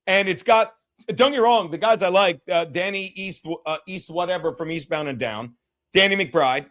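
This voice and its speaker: A man's voice: high voice, normal speed, fairly bright tone. A man hosting a podcast, chatting casually and bluntly, rambling and swearing often. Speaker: podcast host. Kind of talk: casual, profane chat.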